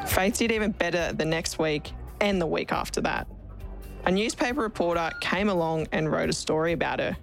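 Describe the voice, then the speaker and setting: A woman with an Australian accent, a cricketer, reading a children's story aloud in a lively, expressive way. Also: on the low side, normal speed. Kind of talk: storybook narration. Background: background music.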